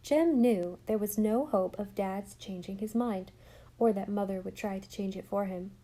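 A woman narrating a storybook audiobook in a measured, even way. Her voice is mellow and dark, with an average pitch for a woman.

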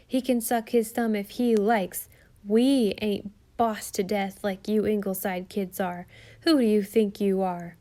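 A woman doing a shouting rude farm boy. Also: medium pitch, steady tone, unhurried, lightly acted. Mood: angry. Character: hot-tempered rude farm boy, twelve.

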